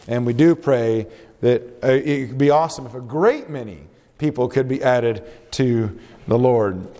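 A man's voice: mid-range voice, mellow, in a large hall. A man preaching a sermon, earnest and exhorting, putting questions to the congregation.

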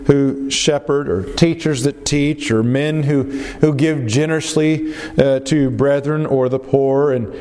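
A man preaching a sermon in a slow, measured cadence, leaning on long drawn-out phrases and rhetorical questions. His voice sits a little high for a man. Long hall reverb trails behind each phrase. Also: a little mellow.

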